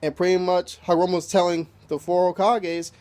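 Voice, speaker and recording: A man's voice: high-pitched, level tone, moderate pace, darkish tone. A man casually recapping an anime episode, loose and profane, packing his talk with "you know" fillers. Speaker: anime reviewer.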